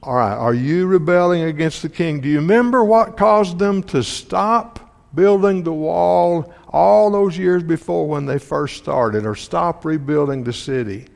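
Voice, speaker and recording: Guy preaching slow, lots of questions to the room, gravelly voice, big hall echo. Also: fairly high pitch, a little mellow. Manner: asks the congregation many questions; halting, repeats words and restarts. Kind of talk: sermon, reading and explaining scripture. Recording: long hall reverb.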